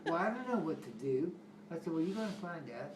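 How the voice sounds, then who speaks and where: A man's voice: on the high side, lively intonation, quick pace. An older man telling family stories in a casual, rambling way, chuckling often. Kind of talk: casual storytelling. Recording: roomy home recording with background noise.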